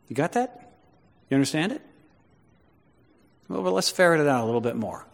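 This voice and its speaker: A man's voice: a little high, very animated, brisk, gravelly, long pauses. A male pastor preaching a sermon, talking with the congregation and building to emphatic repeated declarations. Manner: conversational, questions the congregation. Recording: long hall reverb.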